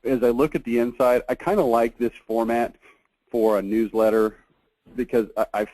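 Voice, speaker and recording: A man hosting a casual conference call, chatty and halting, with many fillers. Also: mid-range voice, steady tone, warm tone, poor audio. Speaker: host of a marketing review call.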